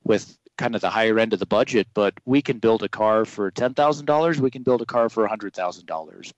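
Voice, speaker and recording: A low-voiced man explains his car-building work in a halting way, restarting his sentences often. The sound is close and dry. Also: no room sound, rough recording. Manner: hesitant, full of restarts and fillers. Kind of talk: casual interview talk.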